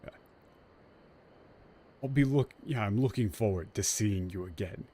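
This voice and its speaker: A man's voice: lowish voice, unhurried, warm tone. A male game streamer giving casual let's-play commentary, analytically picking apart a translation word by word and swearing now and then.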